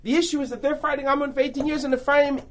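A man teaching a class on a biblical book, animated, acting out the voices in his quotes. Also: very high-pitched, racing, a little hiss or hum. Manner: animated, acts out voices in quotes, rising and falling in loudness.

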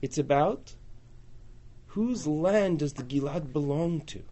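Animated high-pitched man lecturing. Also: slow. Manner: animated, acts out voices in quotes, rising and falling in loudness. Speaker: teacher. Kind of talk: lecture on a biblical book.

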